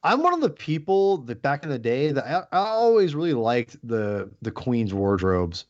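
Male host, casual and animated, lo-fi mic. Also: mid-range voice, moderate pace. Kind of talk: casual chat, watch-along commentary.

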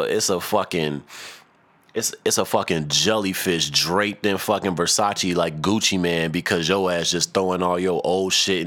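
A man's voice: deep voice, fairly bright tone. A young man hosting a solo podcast, rambling and cursing, breaking into off-key rap impressions and laughing at himself. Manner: profane, rambling, mimics rappers for laughs. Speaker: podcast host.

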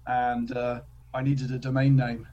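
A man's voice: medium pitch, completely flat delivery, a little slow, a little mellow, lo-fi sound. A man from England with a Cambridge accent, a podcast guest chatting casually with dry, teasing humor. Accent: English, Cambridge. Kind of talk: casual interview chat.

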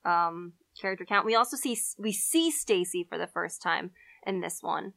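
A young woman co-hosting a casual chat podcast, enthusiastic and quick to laugh. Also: lowish voice, creaky, a bit bright, dry recording. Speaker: podcast co-host.

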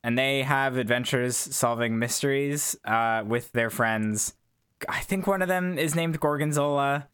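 A man with a smooth, clear voice at a mid pitch, talking as a player on a tabletop role-play podcast. He rambles and hedges as he works through his thoughts. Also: a little slow, fairly bright tone. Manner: rambling, hedging with fillers. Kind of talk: actual-play podcast chat.

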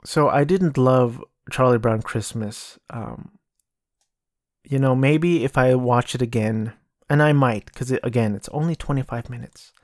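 Male podcast host, mid-pitched, slow and meandering, frequent self-corrections, dry close mic. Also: a little mellow, dry recording. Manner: rambling, self-correcting, mocking impressions. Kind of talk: casual solo podcast talk.

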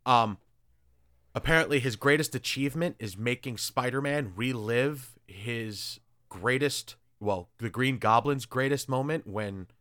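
A man hosting a casual chat, retelling stories in an animated, sarcastic way with crude asides. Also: mid-range voice, a little slow, dry recording. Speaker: podcast host reviewing comics.

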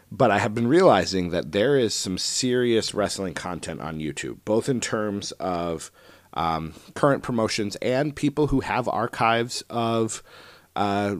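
Low-voiced man rambling on his podcast. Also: no room sound. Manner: rambling, self-deprecating, many fillers. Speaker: podcast host. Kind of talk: casual solo podcast chat.

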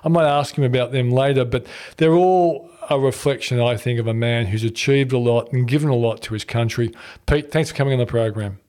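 A man's voice: medium pitch, a little fast, a little mellow. An Australian man hosting a radio interview, chatty and jovial, laughing often as he tells stories. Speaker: radio show host. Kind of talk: casual interview chat.

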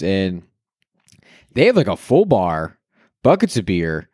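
A man's voice: lowish voice, moderate pace, dry recording, clean studio sound. A man co-hosting a casual chat, telling stories with lots of laughter and silly voices. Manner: laughing, animated storyteller doing silly voices. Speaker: podcast co-host.

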